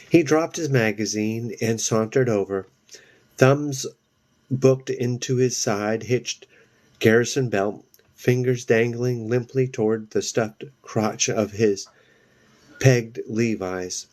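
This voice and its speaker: A man reading a novel aloud, halting and restarting on words now and then. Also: medium pitch, a little mellow. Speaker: reader.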